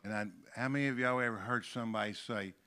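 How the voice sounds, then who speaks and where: An older man from Kentucky preaching a sermon in a church, slowly stressing and repeating key words. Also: medium pitch, pushed and bright, clean tone. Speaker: pastor. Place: church sanctuary.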